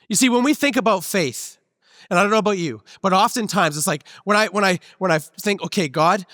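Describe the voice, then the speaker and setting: A man preaching a sermon as a pastor, in a conversational, relaxed way with personal stories. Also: high-pitched, no room sound, studio quality, in a large hall. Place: church sanctuary.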